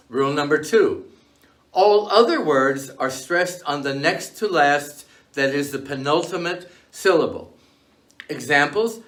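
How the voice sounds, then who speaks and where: A man with a voice a little above the usual pitch delivers a scripted language lesson. He speaks in a measured, clear way and slows down when he gives example words. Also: expressive, a bit bright. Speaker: language teacher.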